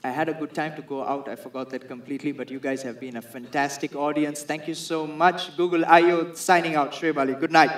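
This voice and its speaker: A young comedian with a Sri Lankan English accent performs a stand-up set, telling his stories with animation and letting out loud bursts when he acts out the characters. His voice is high for a man, steady in tone and brisk with few pauses, and a crowd can be heard behind him.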